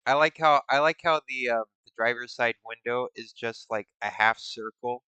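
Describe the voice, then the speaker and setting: A man's voice: mid-range voice, normal speed, bright, forceful tone, clear, resonant tone, dry recording, highs cut off. A man hosting a stream in casual, rambling chat, musing aloud in a playful way. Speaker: streamer host.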